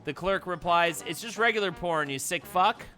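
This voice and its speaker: A man hosting a live stream reads jokes aloud in a bright, slightly high voice, laughing along as he goes. He tells long stories with plenty of playful asides. Faint music plays behind him. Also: normal speed. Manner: playful joke-telling, laughs often. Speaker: host.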